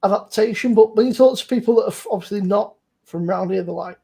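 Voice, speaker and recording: A man's voice: high-pitched, fast, creaky, dark tone, husky. A young man with a Bristol accent hosting a casual chat over beers, rambling, laid-back and swearing freely. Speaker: podcast host.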